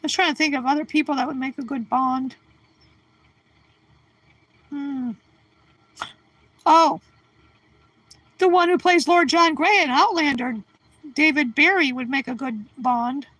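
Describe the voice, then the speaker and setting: Chatty high-voiced woman in her sixties. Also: a little slow, long pauses, a bit bright, dry recording, low-quality recording. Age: 60s. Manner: rambling, chatty, restarts and trails off. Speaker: livestream host. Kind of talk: casual chat answering live viewers.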